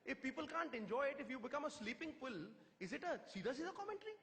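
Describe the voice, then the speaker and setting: A middle-aged man with a Punjabi-tinged Indian English accent, telling stories to an audience in a theatrical, punchy way with quick one-liners. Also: very high-pitched, very animated, a bit bright. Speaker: motivational speaker. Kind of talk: storytelling speech to a live audience. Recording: hall reverb.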